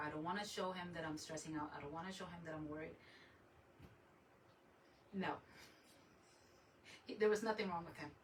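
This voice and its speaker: A woman hosting a craft livestream, telling a lively story in casual chat, laughing often and slipping in Spanish words. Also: medium pitch. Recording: voice a bit far from the mic, faint room noise.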